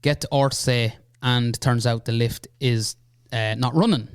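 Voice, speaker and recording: A young Irish man, a podcast guest, telling a long anecdote in casual chat, animated and peppered with "right?" and "you know". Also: mid-range voice, unhurried, clean tone, no room sound, studio quality. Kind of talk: casual storytelling.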